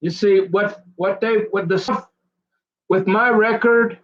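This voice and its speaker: A man talks in a loose, rambling way, stacking slang and restarting sentences as he goes. His voice sits a little high for a man. The recording is dull and lo-fi. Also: steady tone, slow, a bit bright. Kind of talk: rambling casual monologue. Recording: dull lo-fi sound.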